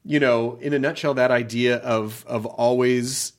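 A man's voice: mid-range voice, fairly even intonation, measured pace. A man hosting a podcast, talking earnestly and reflectively in casual chat, with the odd swear. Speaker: podcast host.

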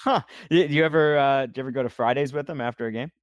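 A man of middle pitch hosts a casual interview, asking short questions in a relaxed way. His voice sounds dry and close. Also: very fast, no room sound. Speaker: podcast host.

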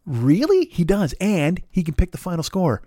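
A man in a comedic podcast rant, cursing freely and tumbling through restarts as he acts out little scenes. His voice sits a bit high for a man, and it is recorded dry and close. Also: moderate pace, warm tone, no echo. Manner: profane, rambling, full of restarts and acted-out bits. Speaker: podcast host.

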